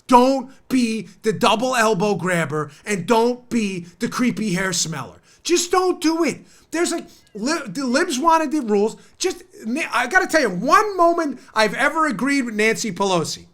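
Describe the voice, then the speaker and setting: A stuffed-up man hosts a talk show in a high, bright voice that swings up and down a lot. He rants and mocks with heavy sarcasm. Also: sing-song, normal speed, hardly any pauses. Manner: sarcastic, ranting, mocking. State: stuffed up from a cold. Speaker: political talk show host. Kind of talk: opinionated talk show monologue.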